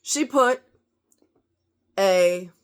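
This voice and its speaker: A woman's voice: mid-range voice, lively intonation, very slow, clean tone. A woman with a mid-range voice vents her anger in a long profane rant to camera. Her delivery is heated and emphatic, the curses landing hard. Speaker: vlogger.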